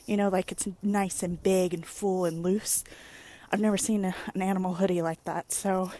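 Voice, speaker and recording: A young woman talks straight into a phone camera in a casual vlog, rambling from one thought to the next. She gets lively and animated when she tells a story, with lots of "like"s and playful exclamations. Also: on the low side, moderate pace. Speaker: vlogger. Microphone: phone or webcam at arm's length.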